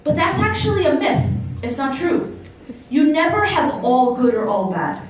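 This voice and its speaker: An American woman with a fairly high voice gives a motivational religious lecture to a live audience. She keeps turning questions back to her listeners and leans on repeated words for emphasis. Her voice sounds far from the mic and rings through a very reverberant hall. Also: big pitch swings, moderate pace, a little hiss or hum. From United States. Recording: very echoey hall, distant mic.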